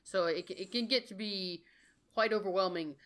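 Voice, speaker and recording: Bright-voiced woman hosting a gaming chat. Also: medium pitch, normal speed. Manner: enthusiastic, leads the discussion with questions. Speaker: podcast host and dungeon master. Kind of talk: casual chat.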